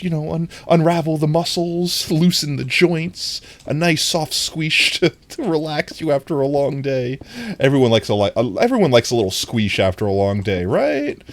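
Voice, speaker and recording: Talking into a desk microphone, a live streamer giggles through casual gameplay chat, playful throughout and often breaking into a squeaky high voice.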